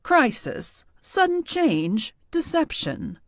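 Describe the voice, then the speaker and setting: Audiobook role: woman voicing a wise, patient tarot reader, calm and teasing, lively pitch, dry close sound. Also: takes it slowly, dry recording, exaggerated voice. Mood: knowing. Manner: calm, knowing, lightly teasing. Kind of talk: audiobook character voice.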